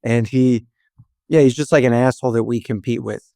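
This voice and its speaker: A man's voice: mid-range voice, steady tone, normal speed, mellow, no echo, studio quality. A man from Atlanta, a guest actor and comedian, chatting casually on a podcast in a laid-back, self-deprecating way and laughing easily. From Atlanta, Georgia, US.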